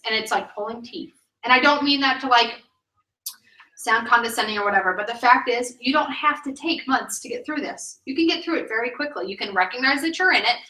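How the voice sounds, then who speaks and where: A woman in her thirties leads a motivational sales training, emphatic and chatty, with plenty of "like." Her voice sits a little high and rings bright. It is picked up from a distance in an echoey meeting room. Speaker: sales director training new consultants.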